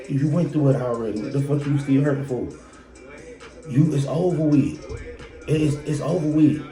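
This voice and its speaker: Blunt, profane man preaching over music. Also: mid-range voice. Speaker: podcast host. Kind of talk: motivational monologue. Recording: echoey room with loud music behind.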